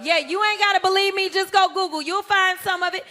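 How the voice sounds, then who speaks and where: A woman's voice: extremely high pitch, steady tone, a little fast, sharp tone. A woman speaking casually in a sassy, emphatic, colloquial way, in a clip played on the show.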